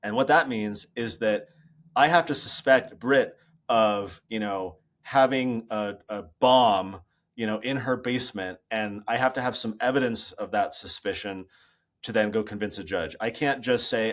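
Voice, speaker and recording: Speaking over a laptop video call from his home office, a male guest author lays out his ideas with animated storytelling, at medium pitch and a moderate pace.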